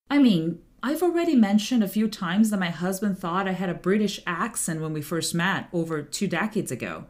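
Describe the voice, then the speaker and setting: A woman in her forties, a translator hosting her podcast, reading a prepared monologue evenly with light asides. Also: mid-range voice. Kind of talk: scripted solo podcast monologue.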